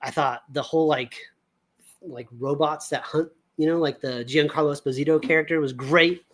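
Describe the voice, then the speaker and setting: A man's voice: fairly high pitch, fairly even intonation, moderate pace. A middle-aged man chatting as a podcast co-host, enthusiastic and profane, laughing often. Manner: enthusiastic, swears freely. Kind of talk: casual chat.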